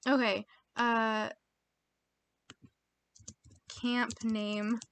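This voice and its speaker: A woman's voice: a little high, little pitch movement, very slow, a bit bright, clean tone. A young American woman reading quiz options aloud in casual chat, giggly and self-mocking, muttering as she goes. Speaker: video creator taking online quizzes.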